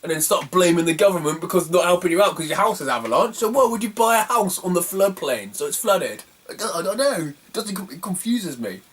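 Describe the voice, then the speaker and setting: A man's voice: high voice, expressive, fairly quick, few pauses, breathy edge, recorded from a distance. A man, telling a rambling, self-mocking travel story in a casual video. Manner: rambling, self-mocking, laughs at his own stories. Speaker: retro game collector vlogger.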